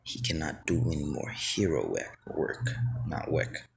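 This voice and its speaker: A man's voice: very deep voice, big pitch swings, measured pace, gravelly, in a whisper. A man improvising a fan story, rambling with many filler words, recorded outdoors on a phone held close to his mouth.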